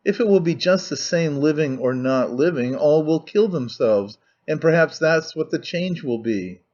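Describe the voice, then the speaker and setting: A man's voice: a little high, lively intonation, normal speed, darkish tone, dull audio. A man voicing a skeptical young man who questions his companion in a dry, probing manner. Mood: questioning. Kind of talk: audiobook character reading.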